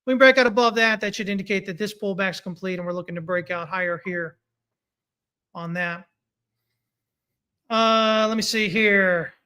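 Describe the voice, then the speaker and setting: A man streams casual commentary on price charts, reading viewer comments as they come in and talking animatedly through the charts as a market analyst. His high voice is smooth, his pace moderate with long pauses, and he has the hiccups.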